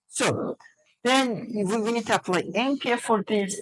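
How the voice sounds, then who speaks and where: A woman's voice: fairly high pitch, a little slow, rough recording. A woman teacher trainer running a classroom lesson, drilling students with questions and counting out word stress. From Azerbaijan.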